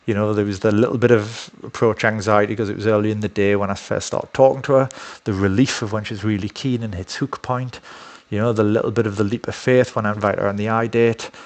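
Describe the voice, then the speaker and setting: A man's voice: fairly low pitch, steady tone, fast talker, few pauses. A man talking in a casual, rambling monologue, blunt and profane with many fillers. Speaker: dating coach.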